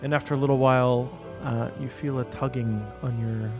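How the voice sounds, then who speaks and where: A man narrating a tabletop game as game master, telling the scene in a relaxed way with small fillers. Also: medium pitch, moderate pace, music in the background.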